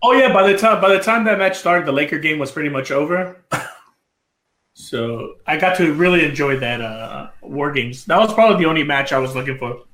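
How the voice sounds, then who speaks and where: A man's voice: on the high side, expressive, fairly quick, a bit bright, echoey room. A man co-hosting a casual wrestling podcast, crude and wisecracking. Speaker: podcast co-host.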